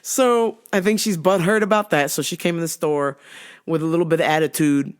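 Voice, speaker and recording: A woman's voice: lowish voice, fairly quick. A woman hosting a podcast, telling a work story in a blunt, profane, casual comedic way. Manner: blunt, profane, laughs often. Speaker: podcast host.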